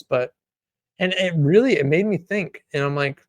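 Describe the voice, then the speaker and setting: A man's voice: a little high, moderate pace, a little mellow, dry recording, studio quality. A young man co-hosting a podcast, talking in a rambling, reflective way full of fillers. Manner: rambling, reflective, heavy on 'like'. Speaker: podcast co-host. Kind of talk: casual chat.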